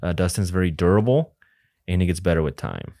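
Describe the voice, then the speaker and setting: Low-voiced, laid-back podcast man. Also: animated, brisk, warm tone, no room sound. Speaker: podcast co-host. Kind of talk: casual chat.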